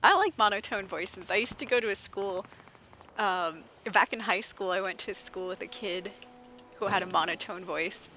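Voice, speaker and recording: A woman streamer chatting casually while playing a game, animated storyteller who laughs often. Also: medium pitch, normal speed, a little hiss or hum. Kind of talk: casual gameplay livestream chat. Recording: game music behind voice. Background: game music.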